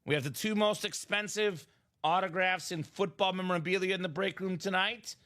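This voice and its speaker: A young man hosting a live sports card break, hyping items and bantering with viewers in quick sales patter. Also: sits high. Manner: energetic, shouts and jokes with viewers.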